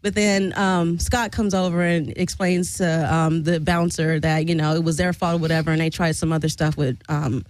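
A woman hosting a podcast, telling a bar-fight story in an animated, profane way and acting out the people she quotes. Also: normal speed, hardly any pauses, no room sound, rough recording. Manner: animated, profane, acts out quotes with big pitch jumps. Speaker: podcast host. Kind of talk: casual storytelling.

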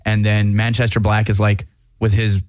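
A man's voice: on the low side, flat delivery, moderate pace, clear, resonant tone, no echo. A man hosting a casual chat, rambling through a movie plot with profanity, fillers and restarts.

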